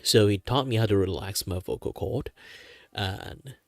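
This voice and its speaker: A man from Malaysia chatting casually on his art livestream, rambling with many fillers and frequent chuckles in a relaxed, low natural voice. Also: measured pace, no room sound. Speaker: VTuber art streamer.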